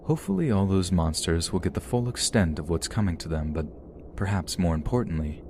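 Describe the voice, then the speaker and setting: A man reading a first-person true horror story aloud as a podcast narrator, in a steady, measured manner. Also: low voice, noisy background.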